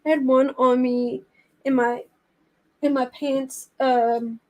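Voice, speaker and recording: A woman's voice: high-pitched, little pitch movement, takes it slowly. A young adult woman hosting a true crime livestream, chatting casually in a rambling, flustered way and laughing easily.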